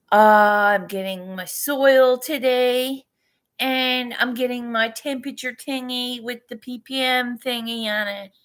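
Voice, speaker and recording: Casual woman vlogger, slow laid-back delivery, salty and chatty. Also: fairly high pitch. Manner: chatty, swearing, laughs often. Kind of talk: casual morning chat.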